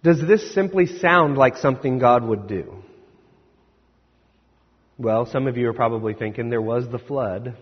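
A husky man's voice of medium pitch moves a little slowly, with frequent pauses, as he preaches a sermon. He retells scripture conversationally like a story, questioning the congregation rhetorically, and the echoey hall recording sounds slightly dull.

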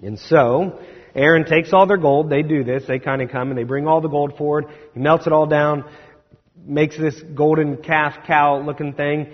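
In an echoey hall, recorded a little dull, a pastor delivers a sermon in a slightly high, steady voice at normal speed. He casually retells scripture as a story and puts rhetorical questions to the congregation.

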